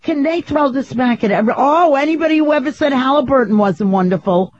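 A woman in her sixties with a New York accent, hosting a radio talk show in a brash, incredulous, quick-tongued manner. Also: fairly high pitch, slightly rough. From Queens, New York. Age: 60s. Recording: dull radio broadcast audio.

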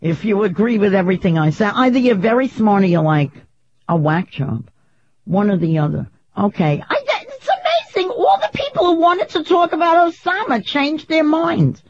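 Lively brash New York woman in her sixties. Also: medium pitch, slightly rough. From Queens, New York. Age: 60s. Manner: brash, incredulous, quick-tongued. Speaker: talk radio host. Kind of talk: radio talk show. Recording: dull radio broadcast audio.

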